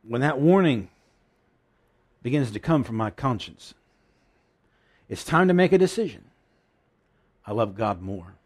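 A man's voice: medium pitch, expressive, a little slow, long pauses, husky. A man preaching a sermon in an earnest, emotional way, often restarting his sentences.

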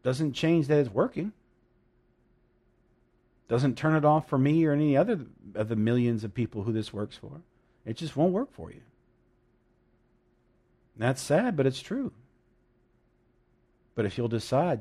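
A man preaching a sermon, animated and emphatic, with laughing asides and dramatic emphasis. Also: medium pitch, a little slow, pauses often.

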